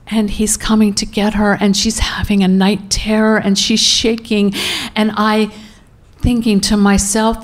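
A middle-aged woman telling a personal story at an unhurried, measured pace. Her voice sits at an ordinary middle pitch. She leans on repeated words for emphasis. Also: fairly even intonation.

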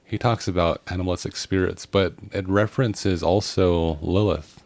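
A man's voice: low-pitched, steady tone, moderate pace, a little mellow, dry recording. A man hosting a paranormal podcast, musing hesitantly with frequent ums. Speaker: podcast host. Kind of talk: casual conversation.

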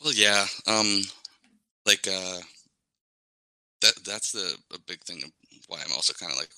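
A man's voice: low-pitched, measured pace, pushed and bright, no room sound, poor audio. A young man in his twenties, a guest in a casual interview, rambling with lots of "like" and "um". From Canada, Ontario. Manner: rambling, many "like" and "um" fillers.

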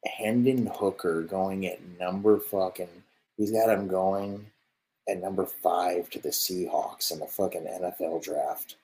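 A young man with a very low voice streams his reactions to football clips. He swears nonstop and talks loosely and casually to his viewers. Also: unhurried, warm tone, poor audio. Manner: profane, swears constantly. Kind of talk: casual live-stream commentary.

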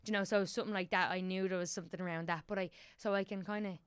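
A young Irish woman talks quickly and loosely in a casual podcast chat, circling her thoughts with lots of fillers and restarts. Her voice sits at an ordinary pitch and sounds close and dry. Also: steady tone, clean tone, no echo. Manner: chatty, rambling, many fillers and restarts.

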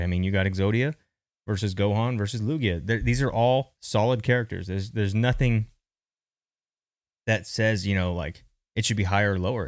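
Male podcast host, lowish voice, dry close mic, casual rambling commentary. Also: dry recording. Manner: chatty, thinking aloud with restarts.

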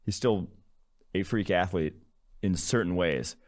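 A man's voice: deep voice, measured pace. A man co-hosting a sports podcast, explaining his points in a wry, analytical way. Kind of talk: casual sports podcast chat.

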